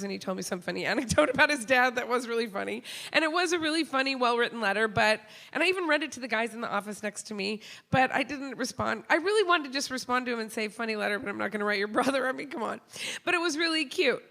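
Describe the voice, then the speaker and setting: A woman telling a funny personal story on stage to an audience. She talks in an animated way, laughs often, and acts out the people she quotes. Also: a little high, fast talker, creaky. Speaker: comedian and show host. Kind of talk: live comic storytelling to an audience.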